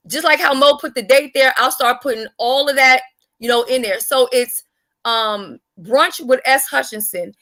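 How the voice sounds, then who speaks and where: A woman hosting a casual live-stream chat, blunt, profane and animated. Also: high voice. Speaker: livestream host.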